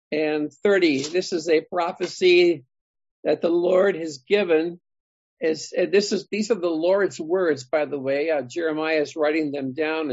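Bible study leader for a group teaching, gravelly and a bit raspy, muffled lo-fi sound. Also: mid-range voice, darkish tone, no room sound. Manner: thinking aloud, asks the group questions.

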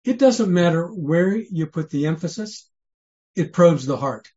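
A man's voice: a little high, animated, unhurried, warm tone. Earnest preacher man, muffled lo-fi sound. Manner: earnest, conversational preaching with frequent restarts and rhetorical questions. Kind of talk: sermon. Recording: dull lo-fi sermon recording.

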